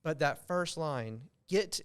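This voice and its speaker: An American man hosting a podcast, giving advice in a loose, filler-heavy way that gets animated when he makes a point. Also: on the high side, takes it slowly, clear, resonant tone. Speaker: podcast host, real estate coach. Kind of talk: casual podcast chat giving tips.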